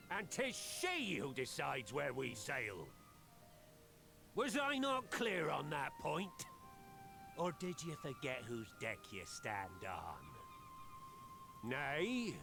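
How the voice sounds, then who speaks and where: Grizzled old pirate captain, gravelly voice, slow rousing oratory, game voice over music. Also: male voice, on the high side, exaggerated voice. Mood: stern. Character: older male pirate captain, gruff and stern. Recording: game audio under music.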